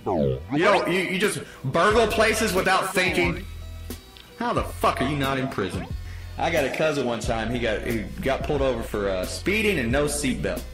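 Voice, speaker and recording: A man's voice: mid-range voice, big pitch swings, moderate pace, over music. A man hosting a podcast, telling stories in a blunt, profane, exasperated rant. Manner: blunt, swearing, exasperated storytelling. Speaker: podcast host.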